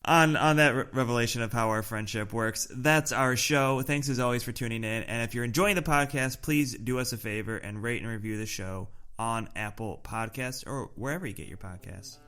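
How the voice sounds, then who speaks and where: A man's voice: mid-range voice, fairly quick, hardly any pauses, sharp tone, clean tone. A man from the States co-hosting a travel podcast, chatting casually and teasing his co-host, often restarting his sentences. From United States. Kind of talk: casual chat. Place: living in Germany.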